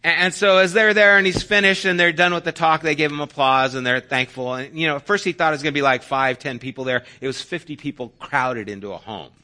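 A man preaching a sermon as a pastor, telling a story and swinging from loud emphasis to hushed near-whispers. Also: on the high side, steady tone, fast, hardly any pauses.

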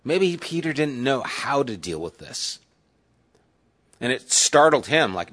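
Male Bible teacher, mid-pitched, chatty, draws the class in with questions. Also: very animated, slow, pauses often, a bit bright. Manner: conversational, asks the class questions.

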